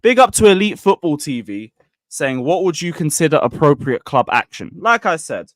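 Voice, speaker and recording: Angry streamer ranting. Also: male voice, on the high side, big pitch swings, normal speed, fairly bright tone, dry recording, clean studio sound. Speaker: football streamer host. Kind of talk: live-stream commentary.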